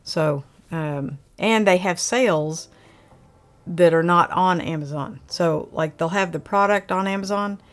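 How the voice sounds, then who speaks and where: A woman's voice: on the low side, measured pace. A woman from Oklahoma with a light Oklahoma twang, hosting her channel in a rambling, chatty live talk and answering viewer comments. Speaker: channel host reviewing camera gear. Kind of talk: casual live chat.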